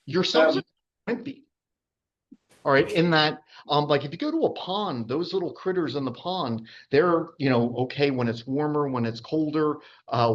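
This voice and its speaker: A male instructor explains anatomy to a live group in a loose, conversational lecture with many fillers and asides. His voice sits in the middle range for a man but leaps up sharply when he acts out quotes. The recording is somewhat dull and lo-fi. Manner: chatty, full of fillers and asides, wide pitch swings. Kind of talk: informal public lecture.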